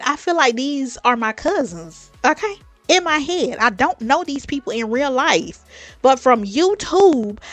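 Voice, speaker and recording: A woman's voice: a little high, no echo. A woman hosting a reaction video, talking chattily and emphatically, repeating "okay?" and calling her viewers "baby". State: tearing up. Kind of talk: casual reaction commentary.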